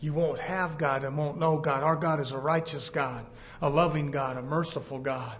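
Male preacher, high voice, fervent sermon delivery, hushed to shouting. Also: steady tone, moderate pace.

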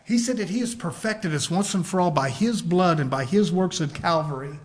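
Male preacher, high-pitched, folksy and emphatic, fiery sermon delivery. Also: lively intonation, fairly quick, hardly any pauses. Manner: swings from hushed to shouting, folksy and emphatic.

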